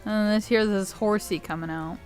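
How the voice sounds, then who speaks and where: A woman's voice: medium pitch, fairly even intonation, brisk, a little mellow, soft background music. A young woman giving casual, rambling video game commentary, laughing often and swearing freely. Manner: giggly, rambling, swears a lot. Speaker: gaming YouTuber.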